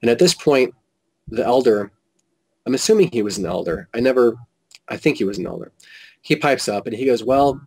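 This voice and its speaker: A man telling a personal story as an interview guest, animated and quoting whole conversations with frequent restarts. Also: mid-range voice, brisk, pauses often, poor audio. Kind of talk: casual storytelling.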